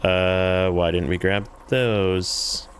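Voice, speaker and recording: A man's voice: low-pitched, fairly even intonation, extremely slow, a little hiss or hum. A man hosting a gaming livestream, chatting casually with viewers in a rambling, self-deprecating way while he plays.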